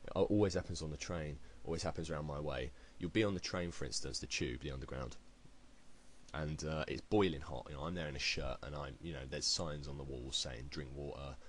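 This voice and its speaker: British man, extremely deep voice, blunt heated commentary, swears a lot, faint background noise. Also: fairly quick, low-quality recording. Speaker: video blogger. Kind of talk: ranting opinion commentary.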